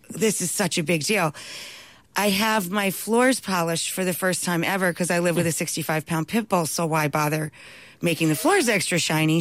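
A woman being interviewed, telling stories in an animated way and laughing often. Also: on the low side, no echo. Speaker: guest, talk show host and cookbook author. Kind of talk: anecdotal storytelling in an interview.

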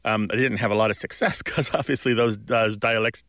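A man's voice: fairly low pitch, fairly quick, a bit bright, no room sound, clean studio sound. A man co-hosting a language call-in radio show, explaining at length in an expansive, thoughtful way, with asides and chuckles.

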